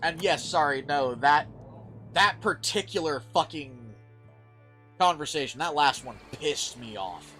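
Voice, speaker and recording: A man with a high voice for a man, swearing and exasperated as he comments on a video game. Game music plays clearly behind him. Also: lively intonation, a little slow, bright, forceful tone. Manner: profane, exasperated. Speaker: streamer. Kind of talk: let's play commentary.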